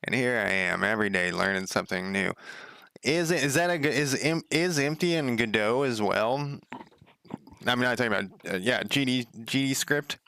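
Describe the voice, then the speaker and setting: A man's voice: mid-range voice, moderate pace, vocal fry, pushed and bright, clean tone. A young man casually thinking aloud while coding on a stream, muttering to himself with wry asides and the odd swear. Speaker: game developer streaming.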